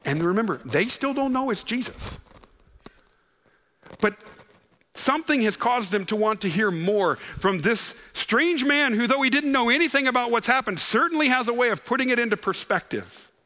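A male pastor with a high, bright voice delivers an earnest sermon. He asks the congregation questions. His words carry a long hall reverb from the sanctuary. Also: expressive, normal speed.

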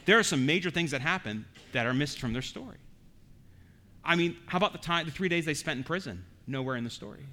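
A man's voice: fairly high pitch, animated, quick pace, sharp tone. A man preaching an expository sermon as pastor, earnest and emphatic, often repeating words as he goes.

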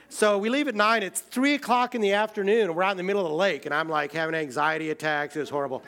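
An American man telling a personal travel story in a casual way, full of fillers, swinging between excited outbursts and quiet, hushed moments. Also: high voice. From United States.

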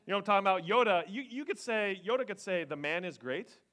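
A man preaching a sermon as pastor, animated, swinging between loud emphasis and hushed near-whispers. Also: high-pitched, fast talker. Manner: acts out voices of people he quotes, joking.

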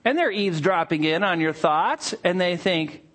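This pastor's high-pitched male voice moves at a normal speed, sing-song and lively, with wide climbs and dips. His sermon shifts from almost whispered asides to excited outbursts, and he plays out small scenes using playful character voices.

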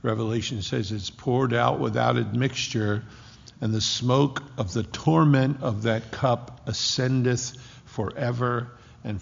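Gravelly-voiced preacher man in echoing hall. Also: lowish voice. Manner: impassioned preaching with slow, drawn-out emphasis. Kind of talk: sermon. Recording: dull lo-fi with long hall reverb.

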